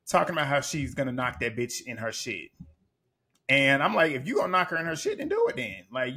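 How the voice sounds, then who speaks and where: A man's voice: medium pitch, fairly bright tone, slightly rough. A man casually recapping a reality TV episode, blunt, profane and emphatic in his opinions.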